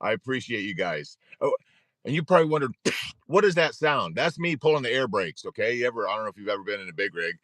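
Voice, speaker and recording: A man's voice: mid-range voice, big pitch swings, quick pace, a bit bright, no room sound. A man in his forties hosting a live-streamed support group talk, speaking earnestly and repeating his points, often chuckling.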